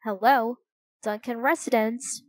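A friendly young boy from a children's storybook, voiced by a woman reading aloud. He talks at an unhurried pace in a dry, close sound. His manner is easygoing and cheerful. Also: on the high side, fairly even intonation, no room sound, close to an everyday voice.

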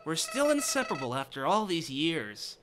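A man voicing a sly, menacing talking flower in a game, speaking in a low, quiet, sinister drawl. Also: huge pitch swings, moderate pace, a little hiss or hum.

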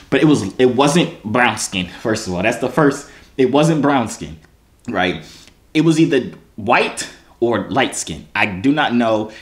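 A young man vlogging a casual story time, rambling and animated, full of slang and restarts. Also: lowish voice.

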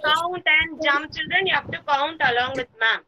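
A woman's voice: sits high, normal speed, lo-fi sound, a little hiss or hum. A woman teaching kindergarten children over a video call, giving encouraging commands, chanting drills and repeating praise. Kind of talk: online class instruction.

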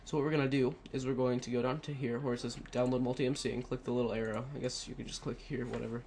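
Racing along in a flat, mid-range, slightly mellow voice, a tutorial narrator talks through a computer lesson on a headset. This casual screen recording, with slight background noise, is full of rambling, fillers, and self-corrections.

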